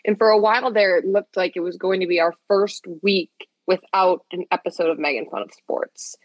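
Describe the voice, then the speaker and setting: A woman's voice: fairly low pitch, fairly even intonation, a little fast, no room sound. A woman from Chicago in her thirties, co-hosting a podcast in a playful, teasing casual chat. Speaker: podcast co-host.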